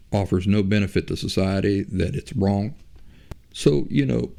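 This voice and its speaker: Male podcast host, low and gravelly, rambling argumentative monologue. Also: mellow. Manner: rambling, argumentative, rhetorical questions. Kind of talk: casual monologue.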